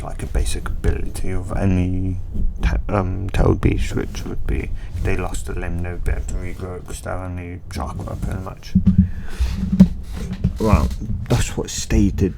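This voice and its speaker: A man's voice: low voice, gravelly, background noise. A man rambling casually about a fan theory, hesitant and full of restarts. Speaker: fan video creator.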